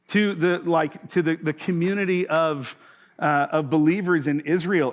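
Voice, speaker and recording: A man in his forties, a pastor, giving a sermon in a loose conversational way with many fillers and restarts. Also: a little high.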